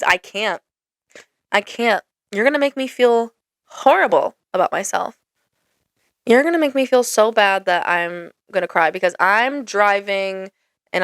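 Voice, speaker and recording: Young female host, exasperated casual rant, lively swooping pitch, dry close-miked sound. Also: no room sound. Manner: exasperated, lots of "like" fillers. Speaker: podcast host. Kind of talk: casual ranting monologue.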